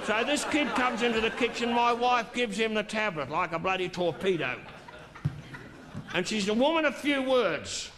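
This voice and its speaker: A middle-aged man telling a crude, drawn-out stand-up story on a theatre stage, with theatrical pauses. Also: high voice, fairly bright tone, a little hiss or hum. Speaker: stand-up comedian. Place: theatre stage before a laughing audience.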